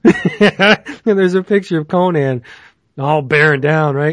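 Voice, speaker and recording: A man's voice: a little high, measured pace, dry recording. A man hosting a casual chat who rambles enthusiastically, with plenty of fillers. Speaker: podcast host.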